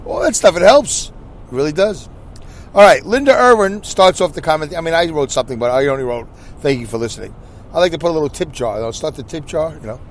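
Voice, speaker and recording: A man's voice: fairly high pitch, expressive, quick pace. A man hosting his own podcast in a casual solo chat, rambling and repeating himself with frequent side remarks. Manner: rambling, repeats himself, self-interrupting asides. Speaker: podcast host.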